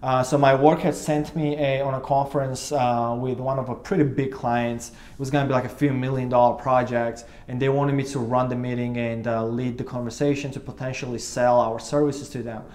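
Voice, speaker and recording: A man's voice: medium pitch, little pitch movement, fairly quick, hardly any pauses, a little mellow. Young man, earnest, rambling, lots of ums and restarts, personal story to camera. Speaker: vlogger telling his own story.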